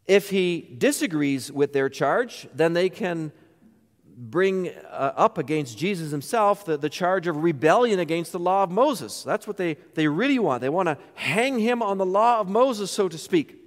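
A man's voice: sits high, expressive, a little slow, in a large hall. A man pastor delivering a sermon, emphatic and full of rhetorical questions.

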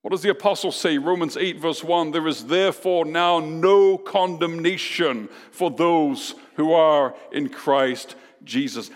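A man preaching a sermon as pastor, emphatic, with dramatic pauses and repeated lines. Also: on the high side, long reverb tail.

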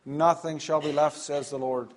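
A man preaching an earnest sermon, emphatic and measured, with pauses and some repeated words. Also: fairly high pitch, steady tone.

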